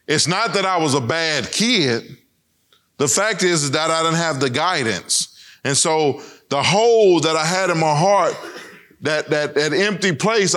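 A middle-aged man giving a personal testimony speech, telling his story with emphatic swings between raised and lowered lines. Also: a bit bright.

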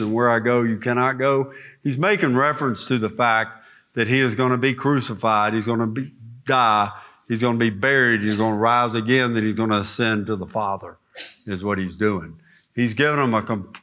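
A man preaching an expository Bible lesson in an earnest, emphatic way, pausing to pray. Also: medium pitch, bright, forceful tone. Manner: earnest, emphatic teaching with spoken prayer. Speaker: pastor teaching a Bible study.

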